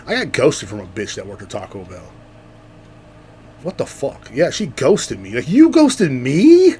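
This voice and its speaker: A man rants on his own podcast, rambling and swearing freely. His pitch swings widely as he gets heated and sarcastic, with a faint hiss of noise under the voice. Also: darkish tone. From Central Texas, USA. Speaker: podcast host. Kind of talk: casual ranting monologue.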